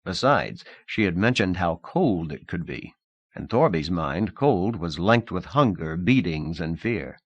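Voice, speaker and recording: A man reads a novel aloud in a measured, expressive audiobook style. His voice is low but moves a lot in pitch. The sound is close and dead-dry, with no room sound. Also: dry recording, highs cut off. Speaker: audiobook narrator. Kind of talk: audiobook narration.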